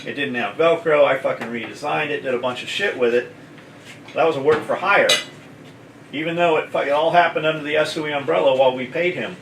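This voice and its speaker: A man who owns a gear company tells a story in casual chat, blunt and full of swearing. His fairly high voice runs a little fast over background noise. The mic sits at a distance in an echoey room, with faint kitchen clatter audible.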